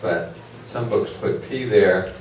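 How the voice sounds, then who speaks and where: A lower-voiced man lecturing a class in a big echoey hall, picked up from far off. He rambles loosely and keeps questioning the students, with plenty of fillers. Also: takes it slowly, darkish tone, a little hiss or hum. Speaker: economics lecturer.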